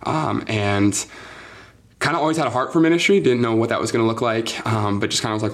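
A man's voice: mid-range voice, fast. A young man who is a youth pastor, telling his story in an interview, earnest and full of ums and likes. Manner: earnest, filler-heavy, says like and um often.

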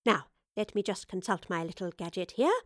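A woman voicing a gallant, eccentric woman professor with a courtly, brisk manner in an audiobook. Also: medium pitch, sing-song, no echo, clean studio sound.

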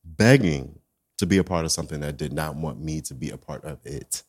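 A man co-hosting a podcast, speaking calmly and reflectively, with playful asides. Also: very deep voice, fairly quick, husky. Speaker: podcast co-host. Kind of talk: casual podcast chat.

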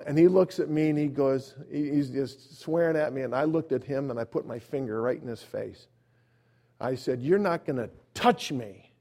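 A man preaching a sermon as an evangelist, telling a personal story, acting out quotes and swinging between loud emphasis and quiet asides. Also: on the high side.

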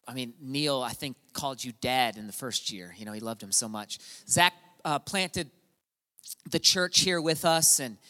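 Middle-aged pastor guy telling a story in a sermon, goes quiet then loud, echoey church hall. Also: mid-range voice. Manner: storytelling, swings from quiet to shouting. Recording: long hall reverb.

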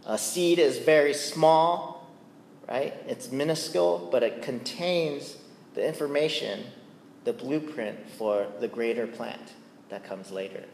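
A man's voice: mid-range voice, measured pace, creaky, a little mellow, slight background noise. A man preaching a sermon as pastor, conversational and playful, often checking in with the listeners. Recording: echoey church hall with long reverb.

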